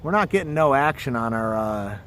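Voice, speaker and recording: A man's voice: medium pitch, expressive, brisk, fairly bright tone, slight background noise. A man hosting a fishing livestream from outdoors by the water, chatting casually and telling stories in a rambling, profane way. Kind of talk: casual chat. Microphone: phone or camera on a livestream.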